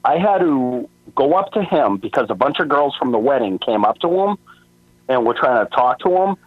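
A man's voice: medium pitch, sing-song, normal speed, dry recording. A man from Boston calling in to a radio show, tipsy and laid-back in casual chat. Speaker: caller. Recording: dull lo-fi phone line.

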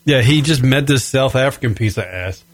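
A young American man rants profanely as a radio show host, stretching out key words for blunt emphasis. His voice sits at an ordinary pitch. The recording is very dry and close. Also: normal speed, no room sound. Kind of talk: profane ranting commentary.

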